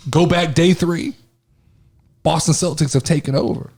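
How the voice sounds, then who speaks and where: A man co-hosting a casual sports podcast, telling stories in an excitable way and swearing now and then. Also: on the high side, moderate pace, gravelly, husky. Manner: excitable, animated storytelling with swearing. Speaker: podcast co-host.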